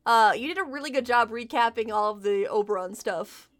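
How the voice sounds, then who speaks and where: Woman game master, high and bright, chatty with fillers. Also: a little fast. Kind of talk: narrating a tabletop game.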